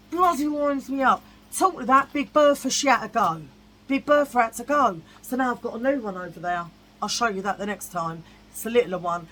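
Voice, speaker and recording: A woman's voice: a little high, fairly quick, pushed and bright, low-quality recording. A woman vlogging in a blunt, chatty way, repeating herself for emphasis. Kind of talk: casual chat.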